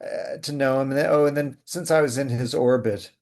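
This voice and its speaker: A playwright and actor, interviewed as a guest in a casual chat, tells lively theatrical anecdotes. His voice is mid-range and fairly quick.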